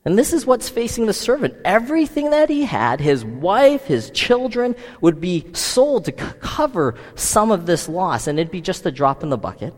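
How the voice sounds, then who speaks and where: High, lively preacher in a hall. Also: male voice, moderate pace, few pauses. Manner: lively, asks the listeners many rhetorical questions. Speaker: pastor. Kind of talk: sermon.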